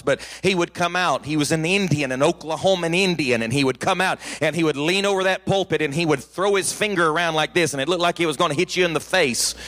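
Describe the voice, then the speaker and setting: A man's voice: fairly high pitch, a bit bright. A man preaching a sermon, emphatic and repetitive, calling the congregation to answer back. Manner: emphatic, repetitive, call-and-response.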